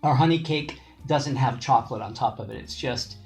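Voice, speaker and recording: A man's voice: mid-range voice, a little fast, creaky, faint music behind. A man from Canada chatting as a guest taster, often hesitating and restarting his sentences. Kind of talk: casual chat.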